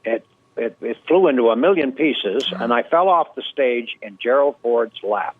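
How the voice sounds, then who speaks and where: A man's voice: mid-range voice, expressive, moderate pace. An older man from Canada, a guest impressionist, telling anecdotes in an interview in an easygoing way with many fillers. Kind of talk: storytelling interview. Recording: dry tinny phone-like line.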